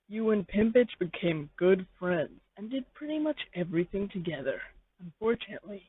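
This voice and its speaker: A narrator reading a fan fiction story in slow, rambling second-person narration. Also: mid-range voice, breathy edge. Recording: tinny phone-like dry sound.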